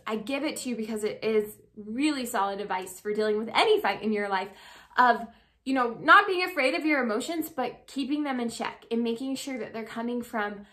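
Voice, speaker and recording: Bright, chatty woman life coach. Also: fairly high pitch. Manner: chatty, frequent "like" and "um", animated storytelling. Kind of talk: casual advice talk to camera.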